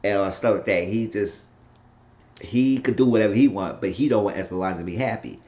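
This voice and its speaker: A man with a fairly low voice rambles through an episode recap, swearing freely and acting out what each character said. The recording sounds slightly dull and lo-fi. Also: a little fast, a little mellow. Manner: rambling, profane, acts out characters' lines. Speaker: TV recap reviewer. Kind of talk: casual spoken episode recap.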